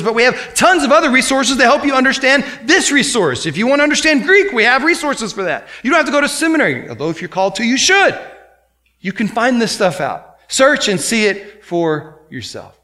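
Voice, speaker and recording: A man preaching a sermon, emphatic, swinging between loud exhortation and quiet explanation. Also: high voice. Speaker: pastor.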